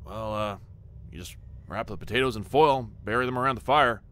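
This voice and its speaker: A man voicing a kind, ghostly father who speaks softly from across a dark table. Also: fairly low pitch, brisk, close to an everyday voice. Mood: gentle. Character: gentle ghostly father figure, distant and kind.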